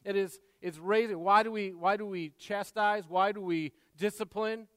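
A man, a father, preaching a sermon in an earnest way, repeating words and moving between soft asides and loud emphasis. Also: sits high, fairly even intonation, moderate pace, smooth, no echo, long reverb tail. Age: adult father. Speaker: pastor.

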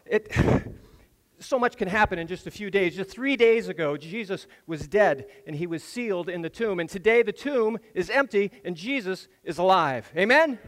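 A man's voice: high voice, animated, moderate pace, fairly bright tone. A man, a pastor, acting the Apostle John as an awed eyewitness in a church drama monologue, telling it earnestly with stammered restarts. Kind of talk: first-person dramatic monologue.

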